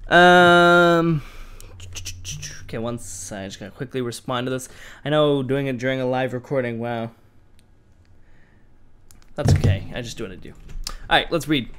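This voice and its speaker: A man's voice: mid-range voice, normal speed, long pauses, fairly bright tone. A young man giving casual horror gameplay commentary, self-mocking and swearing, prone to startled yelps. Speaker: gaming YouTuber.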